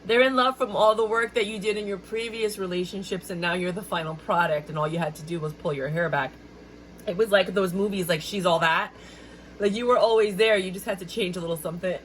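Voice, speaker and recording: Woman, tarot reader, casual reading to camera, chatty, filler-heavy, giggly, medium pitch. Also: steady tone, brisk, a little hiss or hum, rough recording. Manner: chatty, filler-heavy, addresses viewers directly; prone to giggling fits.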